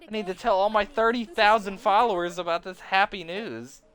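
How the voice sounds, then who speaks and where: A streamer voicing a shrill, demanding teenage schoolgirl in a game read aloud on a live stream. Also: moderate pace, clean tone, natural voice. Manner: loud, shrill, accusing.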